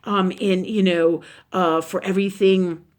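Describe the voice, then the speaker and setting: A woman's voice: fairly low pitch, a little slow. Woman spiritual teacher just chatting, swears a lot, fillers everywhere. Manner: animated, swears freely, many fillers. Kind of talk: casual live talk.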